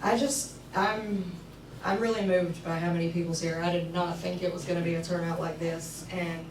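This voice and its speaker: Woman, thirties, halting and heartfelt public talk; roomy, distant mic. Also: on the low side, level tone, very noisy. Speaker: speaker sharing her recovery story. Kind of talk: emotional public speech. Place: event hall with a crowd.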